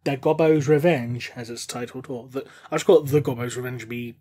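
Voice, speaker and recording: A man's voice: mid-range voice, steady tone, mellow, husky. A man co-hosting a podcast, trading jokes and banter in casual chat. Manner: jokey, quick banter. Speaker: podcast co-host.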